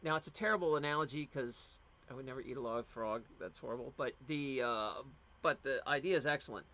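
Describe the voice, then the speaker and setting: Speaking briskly in a mid-range voice that sounds pushed and bright, a middle-aged man from the US chats loosely on a casual livestream he hosts, full of filler words and false starts.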